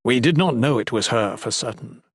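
A man voicing a grave, calm old male magician who speaks in measured warnings. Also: mid-range voice, husky, dry recording, clean studio sound.

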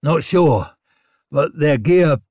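A man voicing a gruff middle-aged veteran soldier who speaks bluntly. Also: fairly high pitch, lively intonation, slow, darkish tone, no echo, studio quality. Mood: wary.

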